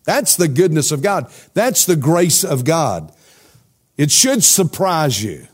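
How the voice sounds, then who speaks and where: Male pastor, slightly high voice, conversational sermon, rhetorical questions. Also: very animated, slow pace, slightly rough.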